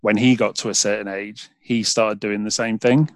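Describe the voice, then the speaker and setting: A man's voice: on the low side, fairly even intonation, normal speed, no room sound. A man in his thirties with a Derby English accent, hosting a podcast and telling rambling stories with many restarts. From England. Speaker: podcast host. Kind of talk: casual chat.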